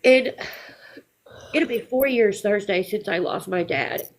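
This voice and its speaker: A woman's voice: medium pitch, slow pace. A woman hosting a phone livestream, emotional and close to tears but defiant. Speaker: livestream host. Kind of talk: emotional live chat.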